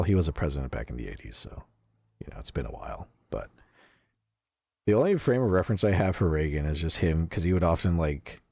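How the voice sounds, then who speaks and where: A man's voice: low-pitched, a little mellow, no echo. A male streamer with a stuffy nose, chatting casually with his viewers in a rambling, filler-heavy way.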